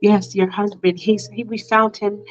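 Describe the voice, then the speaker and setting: Woman doing a soft apologetic cop. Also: medium pitch, flat delivery, a little slow, soft background music, lightly acted. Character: polite apologetic police officer. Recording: dull lo-fi recording.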